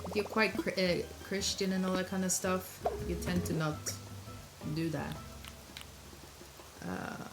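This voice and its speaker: A woman's voice: fairly low pitch, fairly even intonation. A young woman, chatting casually with viewers while playing a game on a live stream. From Norway. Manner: chatty, answers chat aloud, quick asides to the game. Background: loud game music.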